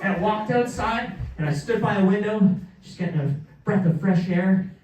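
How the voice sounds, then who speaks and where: Stand-up comic, male, lively storyteller, roomy distant live sound. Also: moderate pace, dull audio, music in the background. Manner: animated, acts out characters with pitch jumps. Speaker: stand-up comedian. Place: comedy show in a museum hall. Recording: roomy live venue, mic heard from afar.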